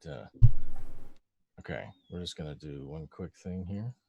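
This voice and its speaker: A man narrating as game master of a tabletop game, casual and halting, with fillers and frequent pauses for dice rolls. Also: sits low, lively intonation, gravelly, darkish tone, slight background noise.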